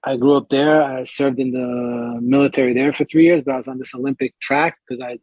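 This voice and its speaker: A man who grew up in Israel, a performance coach and podcast guest, telling his story in a relaxed, thoughtful way and laughing easily. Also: mid-range voice, fairly quick, dry recording, highs cut off. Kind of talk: casual interview storytelling.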